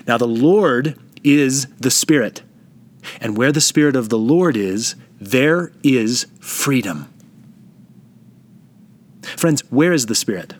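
A man preaching a sermon, reflective and emphatic, slowing down to stress key phrases. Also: mid-range voice.

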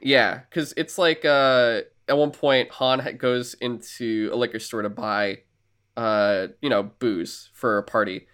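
A man of middle pitch co-hosting a podcast, spinning a long film recap in a loose, chatty way. He leans on filler words and keeps the story rolling with animated energy. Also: a little slow, smooth. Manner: animated storyteller, many filler words, acts out quoted lines. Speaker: podcast co-host. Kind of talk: casual chat, retelling a film.

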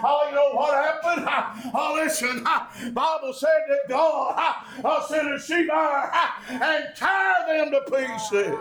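A man's voice: very high-pitched, fairly bright tone. A man preaching a fiery sermon as pastor, chanting phrases with rhythmic "uh" gasps between them. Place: church service. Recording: echoey church sanctuary.

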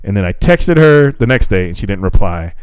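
The young co-host's voice is lowish and smooth, a little fast, captured in a dry recording. On the podcast he casually shares a dating anecdote full of profanity, acting out the back-and-forth.

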